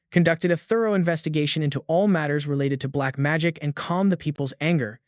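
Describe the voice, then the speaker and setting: A man's voice: on the high side, no echo. Man narrating a story recap, dry.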